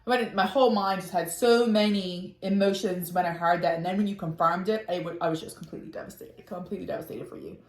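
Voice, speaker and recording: A woman's voice: lowish voice, steady tone, fast talker, few pauses. A woman, talking earnestly and emotionally in a casual chat, with many fillers. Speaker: podcast co-host. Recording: roomy echo.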